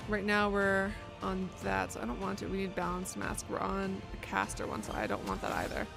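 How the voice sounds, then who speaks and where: A woman's voice: mid-range voice, brisk, gravelly. A young woman streaming a game, joking, swearing and reading the game text aloud, with game music under her voice. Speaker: livestreamer. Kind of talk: casual gaming commentary.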